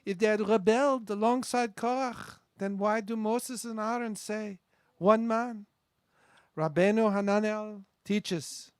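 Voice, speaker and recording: A man's voice: high voice, no echo, studio quality. A man from the congregation volunteering to read a commentary aloud, self-deprecating, putting on an accent. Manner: self-deprecating, puts on an accent while reading. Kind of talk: reading aloud.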